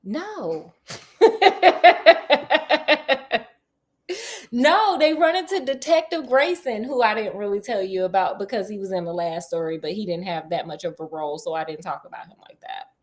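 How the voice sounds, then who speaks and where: A woman's voice: mid-range voice, steady tone, fairly quick, hardly any pauses. Woman storyteller, casual and slangy, retells a detective tale by voicing its characters' lines.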